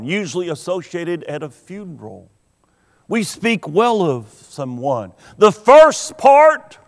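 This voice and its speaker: A man preaching a sermon as pastor, earnest and emphatic, stretching out key words. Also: sits high. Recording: long hall reverb.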